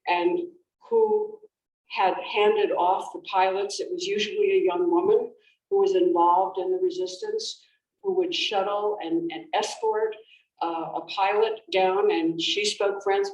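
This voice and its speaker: A woman's voice: mid-range voice, darkish tone. A woman author giving a talk at a library, telling a story conversationally with restarts and fillers. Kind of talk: conversational presentation. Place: library event room. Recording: roomy, distant, faint background noise.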